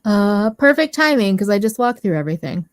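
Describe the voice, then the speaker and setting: A woman talks casually about makeup on a livestream, rambling and often correcting herself mid-sentence. Her voice sits at an ordinary middle pitch. The sound is dry and close, with almost no room around it. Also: very animated, fairly quick, no echo. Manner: chatty, rambling, self-correcting. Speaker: co-host of a beauty livestream.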